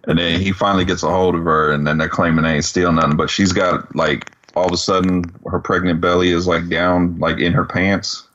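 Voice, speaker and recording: A man co-hosting a podcast, retelling a movie scene in a laid-back, halting way. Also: sits low, level tone, fairly bright tone. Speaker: podcast co-host. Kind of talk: casual movie recap chat. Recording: dull lo-fi audio.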